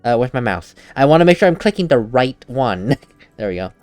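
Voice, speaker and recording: Animated chatty let's play guy. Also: mid-range voice, fairly quick, no echo, soft background music. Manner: animated, chatty, laughs at himself. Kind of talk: casual gameplay commentary.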